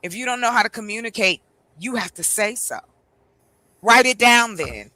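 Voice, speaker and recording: A woman hosting a casual podcast chat, blunt and animated, telling stories with slang. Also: fairly high pitch, moderate pace.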